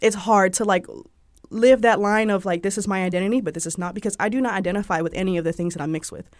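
As a guest in a casual storytelling interview, a young woman from Georgia, USA, talks quickly at a medium pitch in her Southern accent. Her chatty speech is full of "like" fillers and lively quoted voices, and the studio-quality recording has no room sound.

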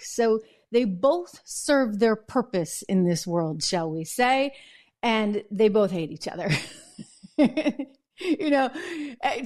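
A woman hosting a political commentary show, telling stories in a chatty, animated way. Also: on the high side. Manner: chatty, animated storytelling with laughs. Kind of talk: casual news commentary.

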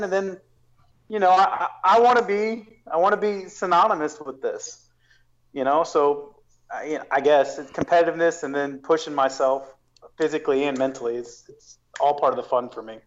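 A man's voice: a little high, muffled recording. A man talking as a guest on a casual podcast, explaining his planning at length with frequent restarts and fillers.

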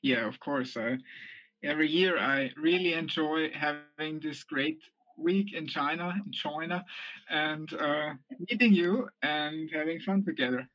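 Austrian man, slightly high, dry lo-fi sound. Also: a bit bright, no room sound. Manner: measured, hesitant with many ums. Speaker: guest, aerobatics model pilot. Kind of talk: casual podcast interview.

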